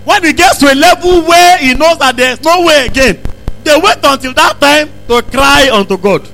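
A male preacher delivers a sermon in a strikingly high, bright voice. He drives points home by repeating lines and rising into shouts. The delivery is fervent and insistent. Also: normal speed, gravelly, low-quality recording. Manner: emphatic preaching, repeats phrases, bursts into shouts. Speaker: pastor.

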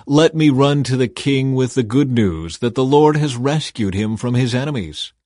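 A man's voice: mid-range voice, animated, moderate pace, darkish tone, no echo, studio quality, lightly acted. A man narrating voices an eager young male messenger who pleads to be sent.

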